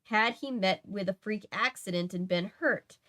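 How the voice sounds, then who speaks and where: A young woman hosts a casual read-aloud livestream of a mystery novel, mixing in friendly asides and correcting her own errors. Her mid-range voice is a bit bright and moves at a normal speed.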